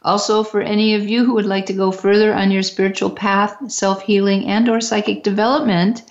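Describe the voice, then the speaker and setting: A woman's voice: mid-range voice, little pitch movement, fairly quick. Woman co-host reading an announcement. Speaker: radio show co-host. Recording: dull lo-fi radio audio.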